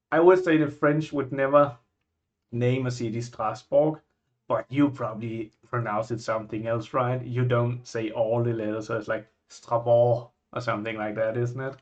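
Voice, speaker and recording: A man's voice: mid-range voice, highs cut off. Musing Scandinavian man, casual chat. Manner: musing, thinks out loud with frequent restarts. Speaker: vlogger reacting to places.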